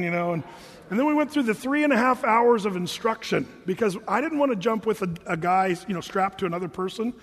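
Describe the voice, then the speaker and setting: A man preaching, telling stories in a chatty, animated way and laughing along with them. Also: high voice. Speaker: pastor. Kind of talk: sermon storytelling. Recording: long hall reverb.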